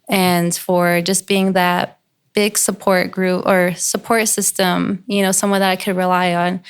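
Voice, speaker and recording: A woman's voice: lowish voice, smooth. A young woman model on a podcast, gratefully thanking a mentor, often with filler words and a playful streak. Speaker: model, guest. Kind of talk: casual podcast chat.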